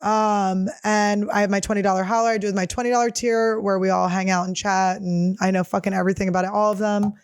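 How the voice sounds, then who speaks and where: A woman's voice: medium pitch, level tone, fast talker, few pauses, clean tone, dry recording, studio quality. Profane, rambling woman podcast host. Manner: profane, rambling, jokey storytelling. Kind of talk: casual solo podcast monologue.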